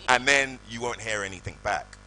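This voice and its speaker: A man, telling animated stories on stage at a live event. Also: mid-range voice, normal speed, slight background noise, low-quality recording. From United Kingdom. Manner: animated, acts out voices in anecdotes. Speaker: guest actor. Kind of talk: storytelling on stage. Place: live event hall with audience.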